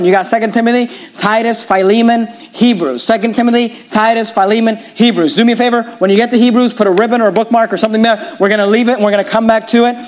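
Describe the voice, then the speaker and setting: A man preaching a sermon as pastor, emphatic, rising to loud peaks and dropping to low quiet lines. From United States.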